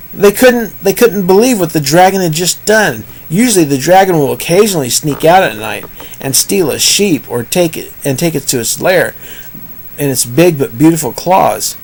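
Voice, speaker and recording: A man's voice: a little high, darkish tone, poor audio. A man improvising a rambling storybook tale, with puns and asides. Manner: rambling, punning, self-interrupting.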